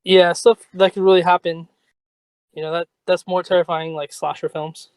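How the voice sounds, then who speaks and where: A man's voice: high voice, little pitch movement, moderate pace, clean tone, no echo. A man calling in to a podcast, talking casually and hesitantly with fillers and light laughs. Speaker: caller. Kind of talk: casual chat on a call-in show.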